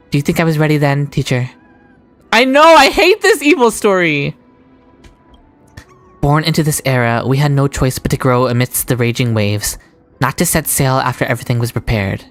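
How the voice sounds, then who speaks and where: A woman reading aloud the lines of a calm, resolute dying woman from a game, in a steady, low voice. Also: a little fast, soft background music. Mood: solemn.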